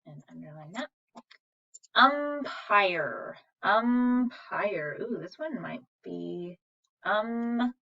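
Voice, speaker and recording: A woman's voice: medium pitch, animated, extremely slow, creaky. A woman teacher giving a recorded reading lesson, patiently sounding out words syllable by syllable. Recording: dull, slightly distant recording.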